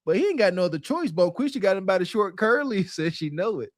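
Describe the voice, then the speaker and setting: A man co-hosting a podcast, commenting on a video clip in a mocking, animated way and laughing through his remarks. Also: sits high, fast, no echo, studio quality. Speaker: podcast co-host.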